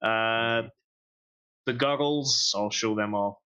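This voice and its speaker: A man's voice: fairly low pitch, slow, bright, forceful tone, smooth. A man playing in a tabletop game, joking around and swearing casually. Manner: jokey, laughing, swears casually. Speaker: player. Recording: dull lo-fi mic.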